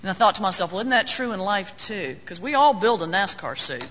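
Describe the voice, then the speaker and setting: A man's voice: high voice, sing-song, brisk, a bit bright. A man preaching a sermon as a folksy, joking storyteller. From North Carolina, US. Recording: long hall reverb.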